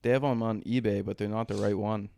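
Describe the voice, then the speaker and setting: A man's voice: fairly low pitch, steady tone, brisk, gravelly, warm tone, no echo, clean studio sound. A man from Boston, a podcast co-host telling a crude, laid-back story in casual chat.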